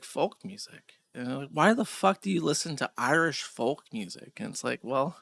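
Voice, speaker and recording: A man in his thirties hosts his own show, rambling through a casual, profane monologue aimed at his chat. His voice is sharp and forceful, set at an ordinary middle pitch. The sound is dry and close, with little room around it. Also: clear, resonant tone, dry recording. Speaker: host.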